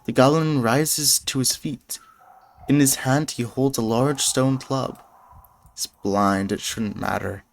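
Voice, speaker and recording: A young man playing a gamebook on stream, reading its text aloud and breaking off into excited, rambling asides. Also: mid-range voice, slow pace, vocal fry, a little hiss or hum. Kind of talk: casual let's-play narration.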